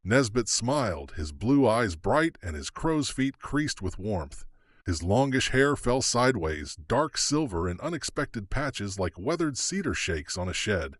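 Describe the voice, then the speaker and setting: A man's voice: on the low side, very animated, unhurried, no room sound. A man narrating an audiobook thriller dramatically, his pacing shifting with the action. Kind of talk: scripted narration.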